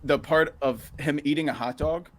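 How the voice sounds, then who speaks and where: A young man in a casual film chat, tossing in quick, joking remarks. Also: fairly high pitch, crowd noise.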